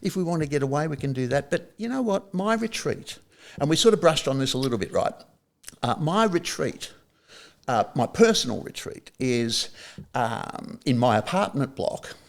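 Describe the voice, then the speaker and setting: Older aussie bloke, gravelly voice, swings up and down a lot, telling yarns. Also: male voice, mid-range voice, normal speed. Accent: Australian. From Australia. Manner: animated storyteller who acts out other people's lines. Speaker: guest, saxophonist. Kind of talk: casual anecdotal chat.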